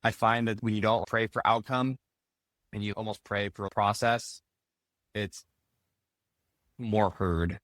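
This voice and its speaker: A man with a lowish voice talks through an interview in a loose, chatty way. He keeps dropping in "like" and "right?" as he thinks aloud. The recording is close and dry, with no room sound. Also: steady tone, unhurried, pauses often, a bit bright, no room sound. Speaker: podcast guest, youth baseball coach. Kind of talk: casual conversational interview.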